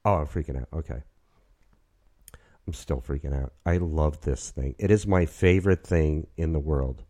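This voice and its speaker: A man in his fifties hosting a podcast, chatting in an excitable, rambling way from his apartment. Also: extremely low pitch, moderate pace. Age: 50s. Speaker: podcast host. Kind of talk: casual chat.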